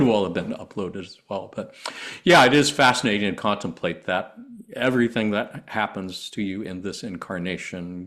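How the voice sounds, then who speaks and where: A man hosting a spiritual discussion podcast, speaking in a thoughtful, measured way with some hesitations. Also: low voice, a bit bright. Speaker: podcast host.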